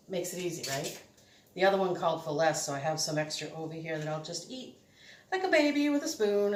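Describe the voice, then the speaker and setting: Chatty woman cooking in an echoey kitchen. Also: lowish voice. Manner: chatty, rambling, self-correcting. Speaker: home cook host. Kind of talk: casual cooking demonstration. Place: home kitchen. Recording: echoey kitchen, faint noise.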